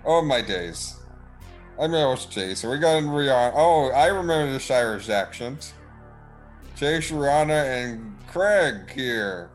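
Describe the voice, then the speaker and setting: A man's voice: mid-range voice, lively intonation, measured pace, soft background music. A man hosting a casual gaming podcast, joking and rambling, often tripping over his words. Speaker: podcast host. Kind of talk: casual gaming news chat. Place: home room with a window.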